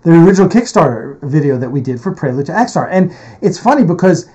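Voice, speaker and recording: A man's voice: a little high, very animated, fast, dark tone, dull audio. A man hosting a casual interview, rambling and thinking aloud while handling things on his computer. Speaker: host and producer.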